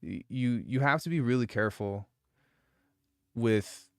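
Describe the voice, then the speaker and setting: A man who makes music talks casually on a live stream, full of rambling, profanity and restarts. His mid-range voice is clear and resonant at a measured pace, recorded dry with studio quality.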